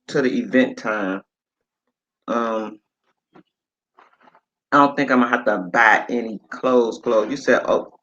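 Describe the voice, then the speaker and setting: Reading viewers' comments aloud with the odd swear word, a man in his late fifties rambles through a casual livestream recorded on a phone. His mid-range voice has a fairly bright tone, and the sound quality is lo-fi.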